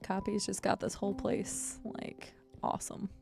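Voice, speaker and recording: A woman's voice: medium pitch, level tone, moderate pace, gravelly. A woman streaming a game, chatting casually with her viewers and fellow players and laughing often. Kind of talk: casual gameplay stream chat.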